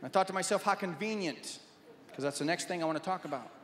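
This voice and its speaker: A man from Nebraska doing stand-up comedy, telling wry, animated stories. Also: fairly high pitch, rapid-fire, very noisy. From Nebraska, USA. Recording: echoey hall, loud audience.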